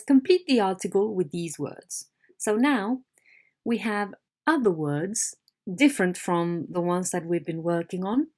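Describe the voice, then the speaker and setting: A woman's voice: lowish voice, a little mellow. Patient woman teaching vocabulary. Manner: patient, explanatory, checks in with students. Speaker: English teacher. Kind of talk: recorded online vocabulary lesson.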